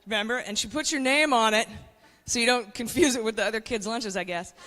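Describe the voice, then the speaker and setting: Brash forty-something woman comic, bright voice. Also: fairly high pitch, fairly quick, big-room sound, a little hiss or hum. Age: 40s. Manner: brash, conspiratorial, addresses the crowd. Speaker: stand-up comedian. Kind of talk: stand-up comedy set.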